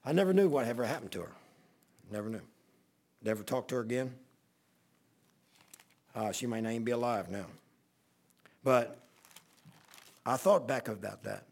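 A man's voice: medium pitch, normal speed, gravelly, pauses often, a little mellow. A middle-aged man, a pastor, telling a long folksy story in a rambling sermon. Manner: folksy, rambling anecdotal preaching.

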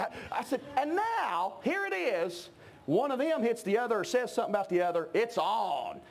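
A middle-aged man preaching a sermon, emphatic and shouting at his peaks. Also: very high voice, sing-song, a little fast. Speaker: pastor.

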